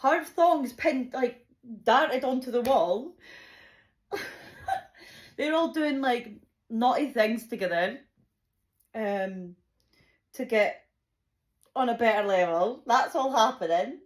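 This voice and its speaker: A young woman telling a chaotic personal story, animated and swearing freely, laughing often. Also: fairly high pitch, slow pace, long pauses. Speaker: vlogger. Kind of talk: casual storytime.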